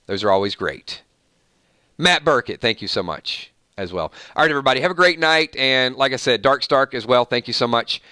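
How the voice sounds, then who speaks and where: A man hosting a casual livestream, chatting loosely and rattling off supporters' names with quick thank-yous. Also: mid-range voice, animated, bright, forceful tone, clean tone, dry recording, studio quality. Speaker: livestream host.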